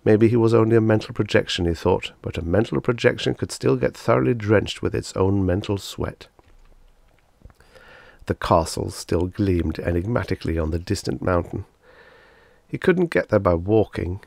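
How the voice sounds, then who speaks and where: A man narrating a science fiction short story in a measured, steady reading. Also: on the low side, vocal fry, no room sound. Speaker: audiobook narrator.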